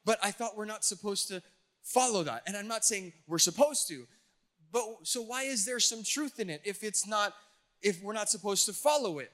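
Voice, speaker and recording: High, bright-voiced teasing male pastor. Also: lively intonation, moderate pace. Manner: teasing, joking with the audience. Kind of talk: playful sermon to a youth crowd.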